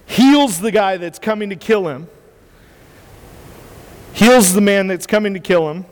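Man, preacher, high-pitched, conversational sermon, repeats words, long hall reverb. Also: measured pace. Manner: conversational, repeats words and asks the audience "right?".

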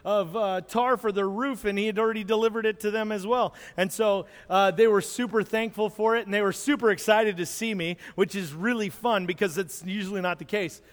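A man, a pastor, telling a lively story from a mission trip during a sermon, acting out moments as he goes. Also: high voice, a little fast, hardly any pauses. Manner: animated storyteller, acts out moments. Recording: long hall reverb.

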